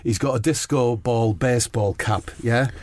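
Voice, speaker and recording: A man's voice: mid-range voice, moderate pace, a little mellow. Comedy co-host, male, conspiratorial rambling storyteller. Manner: conspiratorial, keeps checking in with "right?" and "yeah?".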